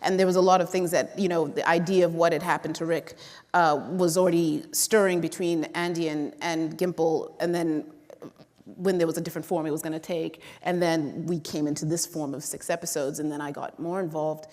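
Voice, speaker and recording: A woman on a live panel, chatting in an animated way with frequent laughs. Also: low-pitched, a little fast. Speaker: panelist, series co-creator. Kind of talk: casual panel talk. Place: large hall. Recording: live hall with long reverb.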